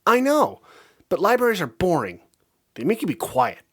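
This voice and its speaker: A man voicing an excitable young female bat pony who rambles and squeals. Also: high voice, moderate pace, husky, voice pushed up, full character voice. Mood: excited.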